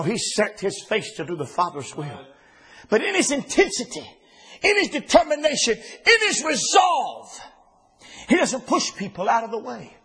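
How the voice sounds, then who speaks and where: A man preaching a sermon in an impassioned style, often rising to shouts and dropping low for quoted words. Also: husky.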